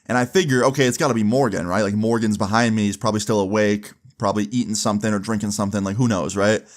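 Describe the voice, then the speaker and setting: A man's voice: lowish voice, fairly even intonation, fast talker. A young man casually telling a long story, rambling with many asides and swearing freely.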